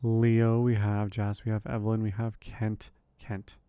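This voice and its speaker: A man's voice: on the low side, little pitch movement, a little slow, warm tone, clean tone, no room sound, lo-fi sound. A man casually commenting on a farming game as he plays, thinking aloud with frequent ums and questions to himself. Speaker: let's play host.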